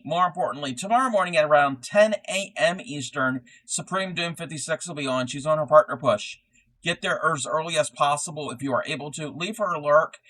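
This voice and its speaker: A man hosting a crafting live stream, chatting casually while he crochets. He rambles in a low-key way, with lots of fillers and restarts. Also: fairly bright tone, poor audio.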